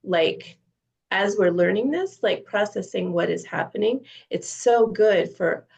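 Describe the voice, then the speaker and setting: A woman's voice: mid-range voice, unhurried, gravelly, darkish tone. A woman in a casual book group discussion, thinking aloud earnestly.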